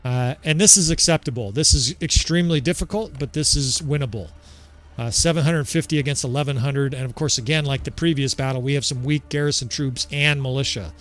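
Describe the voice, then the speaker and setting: A man giving casual, excitable gameplay commentary as he sets up a battle, swearing freely and laughing often. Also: mid-range voice, brisk.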